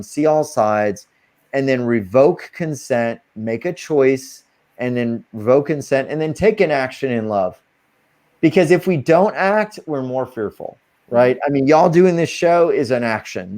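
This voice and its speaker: A man with a voice of ordinary, middling pitch speaks as a guest on an interview. He talks casually but earnestly, laying out spiritual advice step by step. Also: darkish tone.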